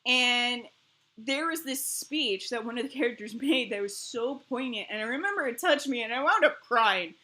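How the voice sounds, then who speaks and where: A woman streamer in casual chat, animated and rambling, laughing often between thoughts. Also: fairly high pitch, normal speed. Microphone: streaming mic.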